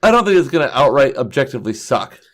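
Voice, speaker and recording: A man co-hosting a pop culture podcast in relaxed, casual chat. He sounds enthusiastic and joking, and he likes to tease his co-host. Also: mid-range voice, quick pace.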